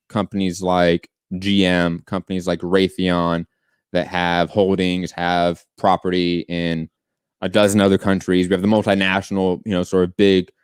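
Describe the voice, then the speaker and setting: Podcast guy, low smooth voice, keeps pushing questions at the other side, dry close sound. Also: no room sound. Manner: probing, pushes back with questions. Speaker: podcast co-host. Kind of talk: political debate.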